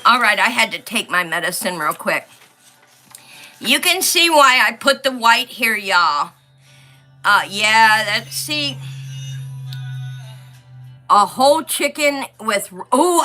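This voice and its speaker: A middle-aged woman chats slowly on her livestream and reads out viewer comments. Her voice is bright and sits a little high. Faint music plays behind her. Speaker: livestream host. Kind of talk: casual livestream chat while coloring.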